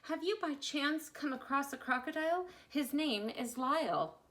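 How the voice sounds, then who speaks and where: Give me a woman playing a frantic, courteous storybook lady with a high, bright voice. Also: lively intonation, normal speed. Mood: anxious. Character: anxious, polite woman hunting her lost crocodile.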